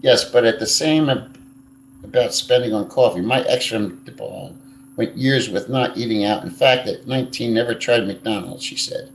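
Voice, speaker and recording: A man's voice: mid-range voice, normal speed, slight background noise. A man hosting a casual live stream, answering viewer comments in a blunt, crude and rambling way, swearing freely. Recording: echoey room.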